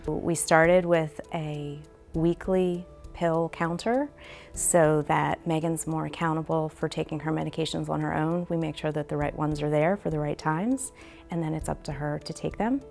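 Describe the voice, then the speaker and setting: A mother speaks in a documentary interview with a very low voice. There is some gravel in her tone as she explains things calmly. Soft music sits in the background. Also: normal speed. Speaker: parent.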